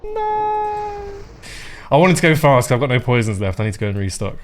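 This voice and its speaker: A man's voice: mid-range voice, expressive, racing. A man streaming a game live, chatting casually and rambling, with frequent swearing.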